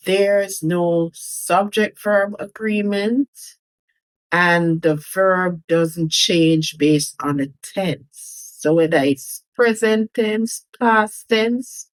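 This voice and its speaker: A Jamaican woman teaching a language lesson, giving example phrases slowly and deliberately and spelling out letters. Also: mid-range voice, dry recording, rough recording.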